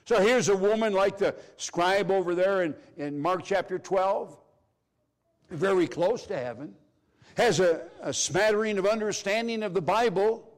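A middle-aged man preaching a sermon, emphatic, swinging from loud declarations to hushed, low phrases. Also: a little slow.

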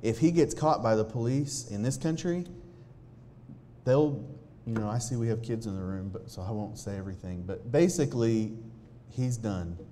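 A man recounts his personal story before an audience, his voice warm and low-set. The delivery is sincere and stop-start, with sentences begun again, and a slight noise floor hums in the recording.

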